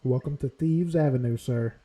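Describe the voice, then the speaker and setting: A man's voice: mid-range voice, normal speed, over a noisy crowd, poor audio. A man hosting a casual sports podcast, upbeat and laughing often as he banters. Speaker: podcast host.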